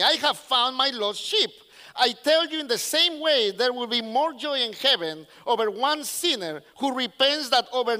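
High, bright-voiced animated male preacher. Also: in a large hall. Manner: animated storyteller who acts out characters; non-native English with slips. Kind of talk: sermon.

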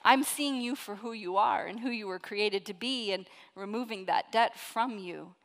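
A woman preacher voicing a merciful king from a parable, speaking softly and tenderly in a sermon. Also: mid-range voice, normal speed, big-room sound, natural voice, rough recording. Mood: sorrowful tender.

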